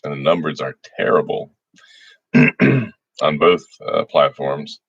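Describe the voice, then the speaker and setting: A man's voice: rumbling low, expressive, slow, vocal fry, a bit bright, breathy edge, dry recording, lo-fi sound. A middle-aged man hosting a livestream, casually greeting viewers by name in a folksy way. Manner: folksy, reads viewer names aloud, frequent restarts. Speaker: state senator hosting a livestream.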